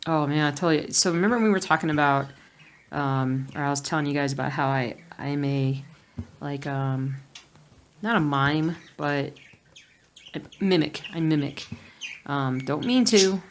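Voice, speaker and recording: A woman's voice: low voice, normal speed. A woman chatting casually while cross-stitching at home at night, rambling and humming nonsense sounds to herself. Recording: noisy home recording with birds.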